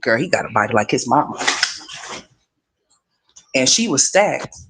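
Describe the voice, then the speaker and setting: A woman's voice: a bass voice, sing-song, a little slow, a bit bright, slight background noise. A woman hosting a casual gossip commentary livestream, sassy and profane, talking straight to her viewers.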